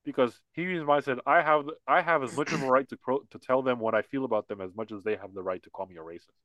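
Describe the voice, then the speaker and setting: Male podcast co-host, mid-pitched, ranting and repetitive, muffled dry audio. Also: fast, a bit bright, dry recording. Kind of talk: casual political podcast chat.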